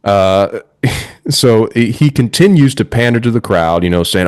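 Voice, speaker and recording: A man's voice: fairly low pitch, expressive, moderate pace, no echo, clean studio sound. A man hosting a podcast, sarcastically reviewing wrestling in casual chat and laughing often. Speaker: podcast host.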